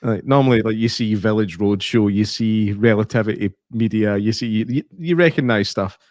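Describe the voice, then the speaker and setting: A Scottish man chatting casually on a film podcast, animated and sweary as he tells stories. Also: lowish voice, normal speed, no echo, clean studio sound. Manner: animated, swears and laughs while telling anecdotes. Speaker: podcast co-host. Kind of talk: casual film review chat.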